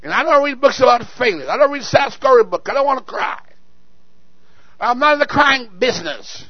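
A male pastor delivers a sermon in a high, lifted voice, dropping low for asides, then shouting calls to the congregation and hammering on repeated words. The sound is dry and close, with a slightly dull, muffled tone. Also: lively intonation, a little fast, dry recording. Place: church sanctuary.

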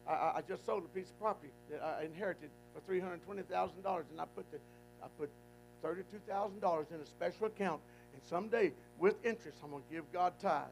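A man playing a worried grown businessman who stumbles and restarts. The voice is very high and gravelly, told within a sermon. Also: soft background music, rough recording. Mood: sheepish. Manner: halting, hesitant.

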